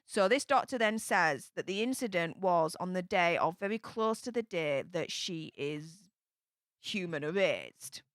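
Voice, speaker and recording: A young Yorkshire woman talks casually on a live stream and reads out viewer comments, with lots of ums between thoughts. Her voice is bright and crisp. The recording is dry and close, with no room sound. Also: on the low side, lively intonation, measured pace, dry recording. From England.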